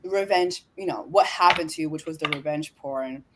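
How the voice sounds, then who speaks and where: A woman's voice: sits low, normal speed, background noise. A woman hosting a podcast interview, asking curious, supportive questions. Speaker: podcast host.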